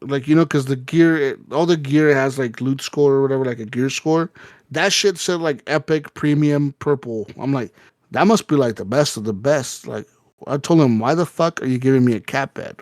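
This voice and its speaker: A man co-hosting a gaming podcast, telling a rambling, profane story in casual chat and acting out quotes with sudden jumps in pitch. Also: normal speed, a little mellow, no echo, clean studio sound. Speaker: podcast co-host.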